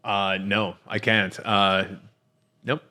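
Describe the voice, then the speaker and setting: A man co-hosting a casual podcast who jokes around with quick quips. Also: on the low side, flat delivery, sharp tone. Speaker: podcast co-host. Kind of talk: casual chat.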